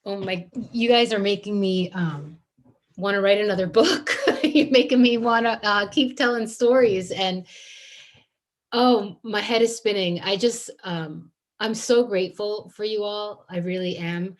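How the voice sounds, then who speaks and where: A woman's voice: mid-range voice, unhurried. A woman author speaking at an online event, effusive and grateful, with many fillers and restarts. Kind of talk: casual event talk.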